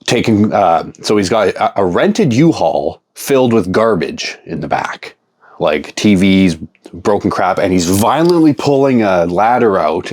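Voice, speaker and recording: A man hosting a casual vlog, telling a rambling, profane, sarcastic story about buying a collection. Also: low voice. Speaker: comic shop owner and video host.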